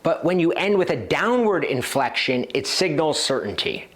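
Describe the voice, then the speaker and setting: A man's voice: fairly high pitch, very animated, normal speed, fairly bright tone. A man teaching as a dating coach, speaking directly and confidently and acting out short example lines. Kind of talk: instructional talk to camera.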